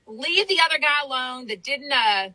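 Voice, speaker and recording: A woman's voice: sits high, lively intonation, normal speed, pushed and bright, low-quality recording. A woman hosting a podcast, chatting casually in a rambling way with lots of fillers. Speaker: podcast host. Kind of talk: casual chat.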